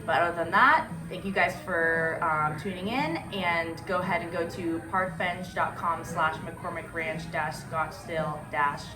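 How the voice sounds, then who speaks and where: Distant woman host, low-voiced and echoey. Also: steady tone, a little slow, hardly any pauses. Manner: friendly, affirming, lots of fillers. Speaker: realtor hosting local business interviews. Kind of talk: casual interview hosting. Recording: distant, echoey, with background music.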